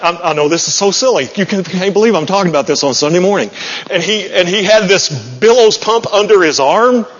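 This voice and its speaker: A man's voice: high-pitched, fairly quick. A man preaching a sermon in a church, folksy, joking and self-deprecating. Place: church sanctuary. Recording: muffled, with long hall reverb.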